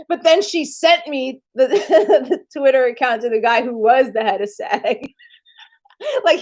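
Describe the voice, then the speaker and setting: A woman's voice: sits high, takes it slowly, pauses often. A woman streaming live in casual chat, telling rambling stories with lots of swearing and frequent laughter. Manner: profane, laughs often; rambling animated storytelling.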